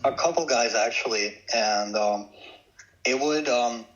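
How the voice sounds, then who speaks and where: A man's voice: medium pitch, measured pace, fairly bright tone, muffled recording. A man co-hosting a podcast in casual chat, hesitant and filler-heavy as he talks it through. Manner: hesitant, many fillers and restarts. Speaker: podcast co-host.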